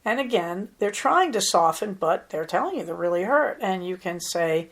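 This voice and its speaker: A woman hosting an advice talk as a psychologist, explaining calmly and acting out example lines. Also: medium pitch, moderate pace, hardly any pauses. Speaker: psychologist host.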